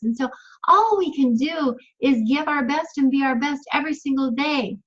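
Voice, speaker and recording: A woman's voice: high-pitched, normal speed, muffled recording. Emphatic woman coaching on a call. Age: 50s. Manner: emphatic, repeats phrases, laughs often. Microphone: video call.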